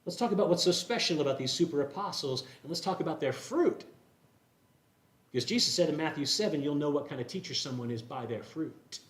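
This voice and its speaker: Animated male pastor in an echoey church. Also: on the high side, brisk. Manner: conversational, explanatory preaching with rhetorical questions. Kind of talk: sermon. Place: church sanctuary.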